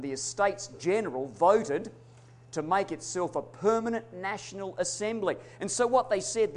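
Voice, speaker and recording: A man preaching a sermon, emphatic, swinging between loud declarations and hushed asides. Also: fairly high pitch. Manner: addresses congregation as brothers and sisters.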